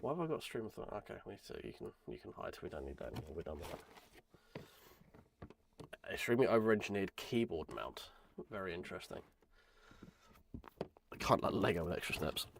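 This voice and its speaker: Croaky hoarse man streaming. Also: low voice, very animated, fairly quick, long pauses, slight background noise. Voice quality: croaky, gravelly. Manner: rambling, self-deprecating. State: hoarse from a chest infection. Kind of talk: casual live-stream chat while building.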